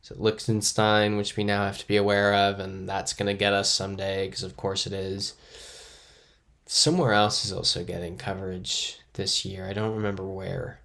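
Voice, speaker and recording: A man with a low voice and a gravelly edge chats casually through a live stream. He thinks aloud, reads out viewers' comments and pokes fun at himself in an easygoing, unscripted way. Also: level tone, normal speed, a bit bright. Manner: thinking aloud, chatty, self-deprecating.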